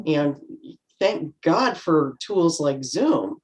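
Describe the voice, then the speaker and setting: Joining a casual panel discussion by video call, this middle-aged woman tells one anecdote after another, chatting freely and voicing small quotes as she goes. Her voice is low and darkish, at a moderate pace.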